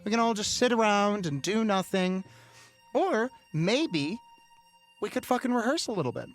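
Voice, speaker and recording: A man voicing an impatient, bossy mother who scolds with sharp sarcasm. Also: sits high, fairly even intonation, normal speed, clean tone, faint music behind. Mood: scolding.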